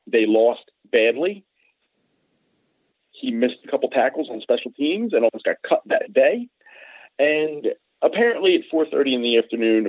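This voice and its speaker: A man's voice: mid-range voice, dry recording. A man in a casual chat on a call, telling rambling stories and acting out the people in them. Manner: rambling, animated, acts out other people in quotes. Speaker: podcast guest. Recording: tinny phone line, dry.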